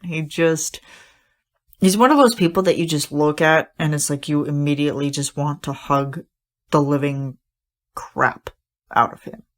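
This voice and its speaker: A young woman with a low-pitched voice hosts a casual solo podcast. She gushes and rambles, and her talk is full of fillers, likes and false starts. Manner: gushing, rambling, many fillers and restarts. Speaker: podcast host.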